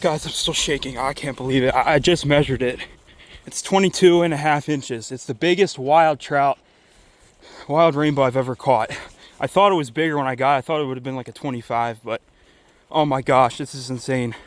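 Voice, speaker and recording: A man vlogging while fishing alone, who talks straight to viewers in excitable live commentary and repeats his exclamations. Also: medium pitch, normal speed. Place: outdoors on a river. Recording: outdoor recording with wind and water noise.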